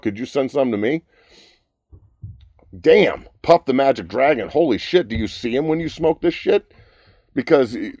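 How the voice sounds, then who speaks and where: A man's voice: on the low side, darkish tone, dry recording, highs cut off. A man in his thirties hosting his own talk show, ranting bluntly and profanely about the news. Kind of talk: profane opinion rant.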